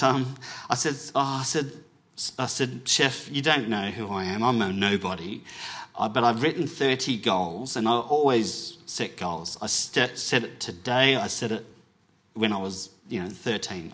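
A man's voice: fairly low pitch, fairly bright tone. An Australian chef giving a talk to an audience, telling a story with humor at his own expense and acting out both sides of each conversation. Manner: self-deprecating, laughs at his own jokes.

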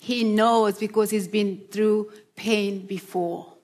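A woman preaching a sermon in a slow, earnest, encouraging way, often asking questions of her listeners. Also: medium pitch, steady tone, a little mellow. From Australia.

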